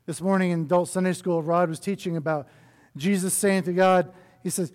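A male pastor preaching a sermon, telling a children's story in an animated way, with chatty asides to his congregation. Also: high-pitched, a little fast. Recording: long hall reverb.

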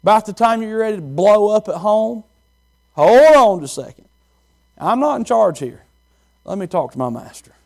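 A man's voice: high-pitched, animated, moderate pace, gravelly, pauses often, a little mellow. A man preaching a sermon as pastor, repeating phrases and asking the congregation questions.

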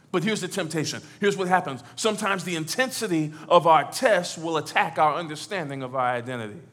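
A man preaching a lively sermon in church, swinging from near shouts to low, quiet lines, with stammered repeats and playful asides. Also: husky. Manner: animated, rises to shouts and drops low.

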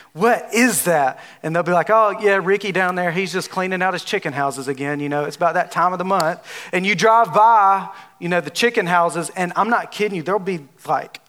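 A high-pitched, fairly bright voice belongs to a male pastor from Alabama whose Southern drawl carries a chatty, folksy sermon. Fillers such as "you know" and "like" pop up constantly.

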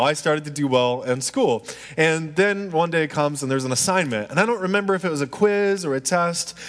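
A man delivers a storytelling sermon in a relaxed, conversational manner. He keeps checking in with his listeners. His voice rings with a long reverb in a large hall. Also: medium pitch. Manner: conversational, asks the audience "right?" often. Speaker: preacher.

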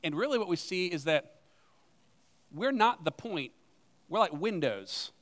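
High-voiced pastor preaching in a reverberant hall. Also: male voice, expressive, measured pace, a bit bright. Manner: conversational, with rhetorical questions and self-deprecating asides. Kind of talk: sermon. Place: church sanctuary.

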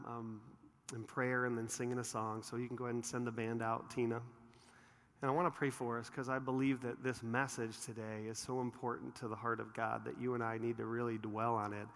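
Pastor, man, 40s; bright, tense voice; storytelling sermon, reverberant church hall. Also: medium pitch, brisk. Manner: animated storytelling, many restarts and filler. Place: church auditorium.

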